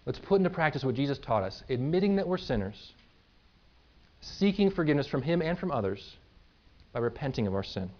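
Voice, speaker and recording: A pastor in his thirties preaches in a relaxed, conversational way, often checking in with his listeners. His voice is a man's, sitting at a middle pitch. The recording sounds dull and lo-fi. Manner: conversational, checks in with "right?" and "okay?". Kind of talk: sermon.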